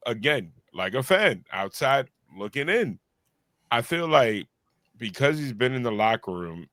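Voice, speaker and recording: A man's voice: lowish voice, a bit bright, no room sound, studio quality. A man co-hosting a podcast, talking loosely in casual chat, full of "like" and "you know what I mean". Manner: loose, filler-heavy storytelling with lots of "like". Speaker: podcast co-host.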